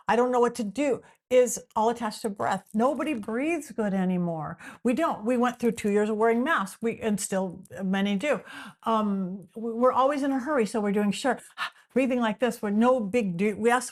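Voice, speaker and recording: Her voice pitched fairly high, a middle-aged woman from Southern California speaks as a psychic medium on a podcast. She explains things animatedly and casually, with lots of restarts.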